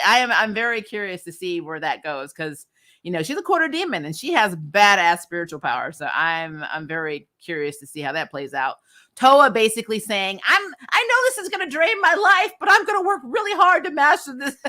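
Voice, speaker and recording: Chatty, bright-voiced woman reviewer. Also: lowish voice. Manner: chatty and animated, laughs often, many fillers. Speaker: anime review vlogger. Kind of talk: casual spoken review.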